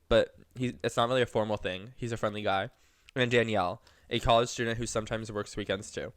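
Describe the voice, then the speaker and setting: Smooth-voiced young man reading posts aloud. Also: mid-range voice, dry recording, studio quality. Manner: animated, laughing storyteller, acts out quoted voices. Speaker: podcast co-host. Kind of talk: casual podcast chat, reading posts aloud.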